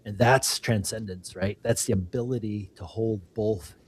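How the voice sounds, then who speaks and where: A man's voice: fairly low pitch, fairly even intonation, normal speed, a little mellow, slight background noise. A man co-hosting a casual interview podcast, talking in a reflective, rambling way with many restarts and "you know"s. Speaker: podcast co-host.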